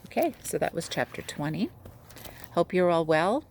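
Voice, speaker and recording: A woman teacher reading a children's novel aloud to her class in a steady, gentle way. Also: fairly low pitch, moderate pace, gravelly, a little hiss or hum.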